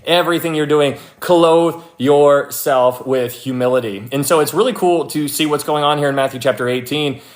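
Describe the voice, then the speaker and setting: A young man leading a casual livestream Bible study, chatty and animated, thanking viewers by name and acting out quoted people. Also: on the high side, quick pace, hardly any pauses. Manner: frequent fillers and restarts, thanks viewers by name.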